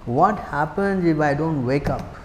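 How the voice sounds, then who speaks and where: A man delivers a sermon-style spiritual class in a temple hall, his voice sitting high for a man. He is emphatic and keeps pressing his listeners with short rhetorical questions. The room is echoey, and each phrase trails off in a long reverb. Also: a little slow, darkish tone, slight background noise. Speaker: spiritual teacher giving a class.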